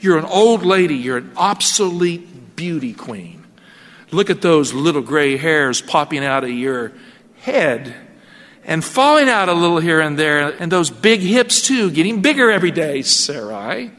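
A man's voice: fairly high pitch, big pitch swings, a little slow, fairly bright tone, in a large hall. A preacher voicing a boastful pregnant young slave woman who taunts her mistress in a sing-song way. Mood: taunting.

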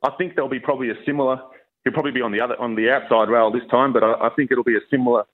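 A man's voice: medium pitch, fairly even intonation, rapid-fire. Enthusiastic man on a phone line. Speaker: racing writer guest. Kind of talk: phone-in radio interview.

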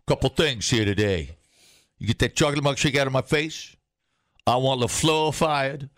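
A man co-hosting a casual radio show, animated and quick to burst into loud rants and laughs. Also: mid-range voice, dry recording, clean studio sound. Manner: animated, swings into loud outbursts, laughs often. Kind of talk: casual morning show banter.

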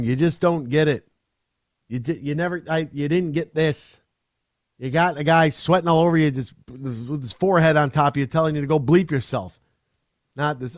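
A man's voice: a little high, dry recording, studio quality. A man hosting sports talk radio, chatting casually and rambling with restarts, mocking players in put-on voices. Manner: animated, rambling, mocks players with put-on quotes.

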